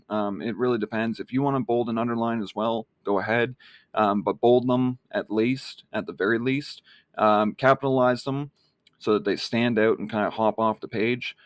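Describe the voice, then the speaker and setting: A man with a lowish voice talks a viewer through his marketing email in a loose, rambling way. He fills the gaps with ums and "you know"s. The sound is close and dry, with no room around it. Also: no room sound. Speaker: online marketing vlogger. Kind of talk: casual screen-walkthrough explanation.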